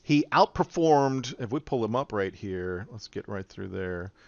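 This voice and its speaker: A man's voice: lowish voice, expressive, a little slow, vocal fry, a little mellow, dry recording, highs cut off. A man hosting a casual podcast chat, loose and rambling, laughing often. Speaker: podcast host.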